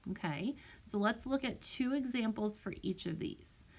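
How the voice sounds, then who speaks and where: A woman's voice: fairly high pitch, expressive. A woman teacher giving a recorded spelling lesson to young children, patiently sounding out each word. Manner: slow, patient, sounds words out carefully. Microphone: tablet microphone.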